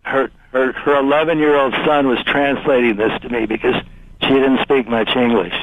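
A man calling into a radio show, telling a ghost story in a halting, hesitant way. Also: medium pitch, fairly even intonation, dry recording. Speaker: caller. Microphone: telephone. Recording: dry phone line.

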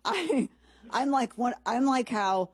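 A woman's voice: fairly high pitch, very animated, slow, slightly rough, dry recording. A woman hosting a commentary show, talking in a chatty, sarcastic, rambling way with lots of asides. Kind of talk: casual monologue commentary.

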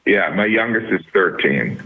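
A man's voice: sits low, lively intonation, measured pace. A middle-aged man as a comedian guest in a casual interview, rambling with many fillers over a phone line.

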